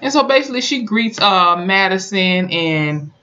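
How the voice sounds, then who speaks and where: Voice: mid-range voice, animated, normal speed, pushed and bright, highs cut off. A YouTuber recapping and reviewing a TV episode in a casual, colloquial way, telling the story with lots of emphasis. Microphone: camera mic.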